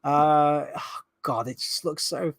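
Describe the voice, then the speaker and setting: A man's voice: fairly high pitch, slow pace, fairly bright tone, no echo. A man hosting a fan reaction video, talking casually with sarcastic, exasperated commentary and frequent swearing.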